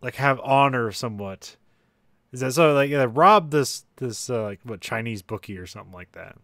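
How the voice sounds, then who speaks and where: A man co-hosting a podcast, chatting casually about a movie, often halting and laughing. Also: mid-range voice, animated, a bit bright, dry recording, clean studio sound. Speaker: podcast co-host.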